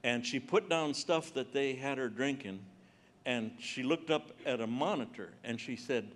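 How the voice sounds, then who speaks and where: An older man doing stand-up storytelling as a Christian comedian, animated and acting out voices on a large conference stage. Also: medium pitch, moderate pace. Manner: animated, acts out voices and shouts punchlines.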